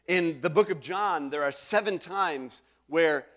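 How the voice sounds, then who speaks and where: A man's voice: fairly high pitch, a little slow, a bit bright. A middle-aged male pastor preaching a sermon in a conversational way, full of restarts and asides to the congregation.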